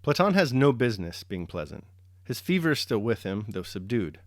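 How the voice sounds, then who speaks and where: A man reading a classic novel aloud, chapter by chapter, in a measured, steady way, then reflecting on it as host. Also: on the low side, dry recording, studio quality. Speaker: reader and host. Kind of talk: audiobook-style novel reading.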